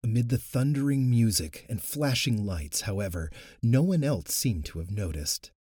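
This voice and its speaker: A man narrating an audiobook in an expressive, animated way, close to the mic. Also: medium pitch, normal speed, few pauses, slightly rough, dry recording.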